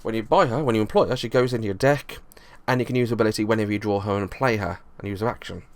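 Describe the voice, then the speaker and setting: A man's voice: fairly low pitch, very fast. A man reviewing a board game, explaining the rules in a loose, rambling way and often restarting his sentences.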